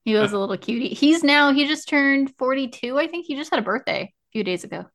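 A woman hosting a casual interview who asks quick questions and giggles often. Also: sits high, expressive, a bit bright. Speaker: podcast host.

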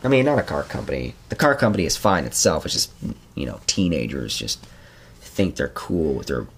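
This young podcast host has an extremely low, husky voice and talks fairly quickly. His storytelling wanders and stays lively, and his casual chatter is full of fillers.

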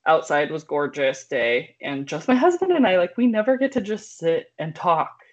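A young married woman co-hosting a podcast, chatting in a relaxed, rambling way with fillers. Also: low-pitched, normal speed. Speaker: co-host. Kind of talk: casual podcast chat. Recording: slightly dull, lo-fi sound.

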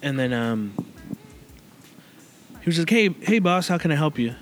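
A man's voice: fairly high pitch, lively intonation, normal speed, soft background music. A man hosting a casual chat, telling a long story in a rambling way, with many fillers and restarts. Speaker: podcast host.

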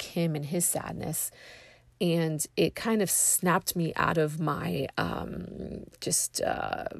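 A woman giving an earnest personal faith testimony, speaking haltingly and searching for her words. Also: low-pitched, vocal fry, darkish tone, no room sound. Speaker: speaker sharing a personal story.

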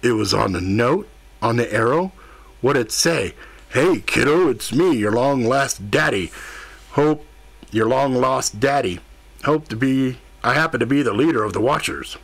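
A man's voice: medium pitch, lively intonation, a little slow, creaky, dry recording. A man playing a cocky, crude demon. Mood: probing. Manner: cocky and flirtatious. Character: brash, crude male demon, middle-aged.

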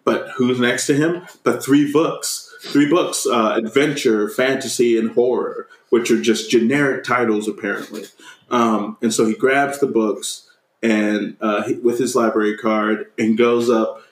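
A man's voice: mid-range voice, fairly even intonation, measured pace, reverberant, poor audio. A man co-hosting a podcast, recapping a movie scene by scene, swearing freely and acting out the characters' lines. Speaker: podcast co-host. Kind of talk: casual movie recap chat.

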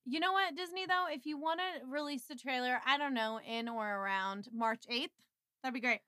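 Casual co-host: giggly, animated woman with a bright, high voice, dry close mic. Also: normal speed, no room sound. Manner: animated, giggly, swears freely. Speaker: podcast co-host. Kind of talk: casual fan chat.

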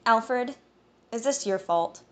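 A woman's voice: a little high, expressive, slow pace, pitched above the performer's own voice. A woman voicing a composed, disapproving young woman in an audiobook.

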